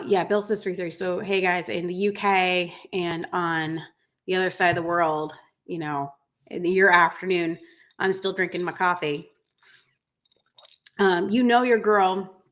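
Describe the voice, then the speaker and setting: A woman's voice: lowish voice, fairly even intonation, measured pace, fairly bright tone. A woman hosting a casual livestream as a grooming business coach, chatting emotionally to viewers with lots of fillers and restarts. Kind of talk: casual livestream chat reading viewer comments.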